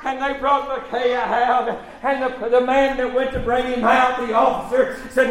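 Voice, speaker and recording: Impassioned high-voiced preacher in an echoing church. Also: male voice, steady tone, normal speed, hardly any pauses. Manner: impassioned, swings between shouting and quiet asides. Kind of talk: sermon.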